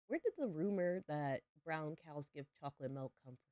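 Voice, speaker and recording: A woman's voice: sits low, lively intonation, normal speed, dark tone, dry recording, clean studio sound. A young adult woman streaming a farming game, chatting playfully with her viewers. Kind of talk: casual livestream chat while gaming.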